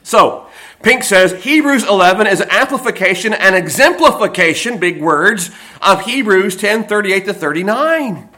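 A pastor with a drawl and a high, light voice delivers a sermon. He leans hard on key phrases, slowing down to hammer them home, then slips into folksy asides. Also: expressive, bright, forceful tone. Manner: emphatic preaching, slows and stresses key phrases; folksy asides and personal stories.

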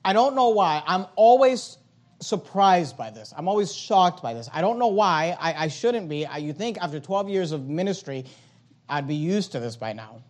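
A man preaching a sermon as pastor, emphatic, with loud high swings and quiet low drops. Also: expressive, moderate pace.

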